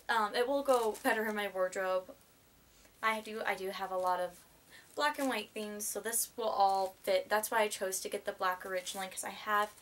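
A young woman vlogger gushing and rambling in a casual unboxing chat, full of excited gasps. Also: on the high side, slight background noise.

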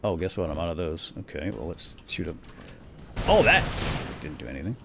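A low-voiced man narrates his video game battle, his voice swinging widely between low mutters and high, excited yelps. Gunfire and game sounds clatter clearly behind him. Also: brisk, long pauses, background noise. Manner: excitable, exclaiming. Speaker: let's play host. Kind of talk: gameplay commentary.

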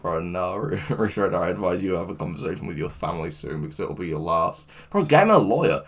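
A man's voice: deep voice, lively intonation, brisk. Crude, joking man on stream. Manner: crude, joking, laughs often. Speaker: livestream host. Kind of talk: casual stream chat, reading chat aloud. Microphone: headphones with mic.

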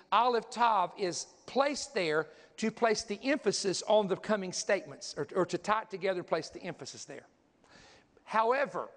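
A man's voice: high-pitched, fairly bright tone. A man preaching a sermon, teaching energetically, counting aloud and pointing things out as he goes. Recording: long hall reverb.

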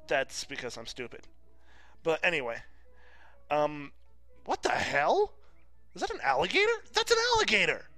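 A man giving casual, rambling gameplay commentary as a let's play host, easily distracted and breaking into sudden excited outbursts. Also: medium pitch, no echo.

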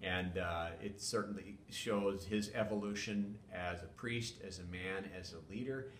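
An older man, a former police chief, talking in a measured, wordy way with many fillers as an interview guest. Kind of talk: casual interview talk. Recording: echoey room with faint rumble.

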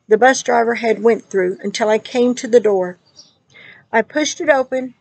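A woman's voice: fairly high pitch, a little mellow, dry recording, low-quality recording. A woman praying fervently and then recounting a dream. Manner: fervent spoken prayer. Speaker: dream teller.

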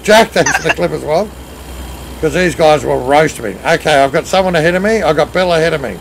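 An Australian man hosts a relaxed, casual live-stream chat while leading a truck convoy, bantering with friends and reading and answering viewer comments as he drives. His slightly high voice has a gravelly edge and moves fairly quickly, and a faint hiss lies under the low-quality recording.

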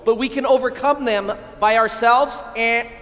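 High-voiced preacher in an echoey hall. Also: male voice, moderate pace. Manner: animated, preaches with call-and-response to the audience. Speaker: priest. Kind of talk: conference keynote sermon. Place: large hall.

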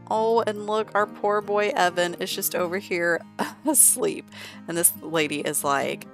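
A woman's voice: low-pitched, fairly bright tone. A woman narrating a life-sim game in casual, chatty commentary, full of "like". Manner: chatty, heavy use of "like". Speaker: let's play narrator.

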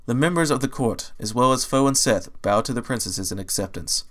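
A man reading fan fiction aloud as a narrator, in steady storytelling. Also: medium pitch, brisk. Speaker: audiobook reader.

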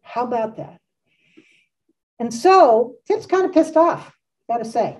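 A woman's voice: on the high side, expressive, slow, distant mic, rough recording. A woman giving a casual art history lecture, full of wry asides and frequent fillers. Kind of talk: casual presentation and read-aloud.

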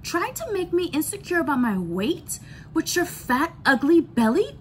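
A woman's voice: extremely high pitch, sing-song, moderate pace, slight background noise. A woman ranting bluntly in a candid storytime vlog, swearing freely and repeating lines for emphasis. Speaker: vlogger.

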